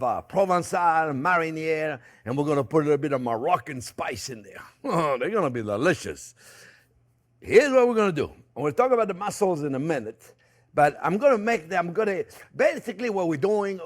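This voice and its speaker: An older French-accented man chats his way through a cooking demonstration at a slightly higher pitch than most men. He jokes with the viewers and stumbles over frequent fillers and restarts, talking easily in his kitchen. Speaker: chef and host. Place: home kitchen.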